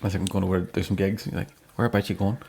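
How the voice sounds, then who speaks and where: Fast-talking Northern Irish man. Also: low-pitched, little pitch movement, vocal fry, mellow. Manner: rapid storytelling with crude banter. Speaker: podcast host. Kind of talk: casual comedy chat.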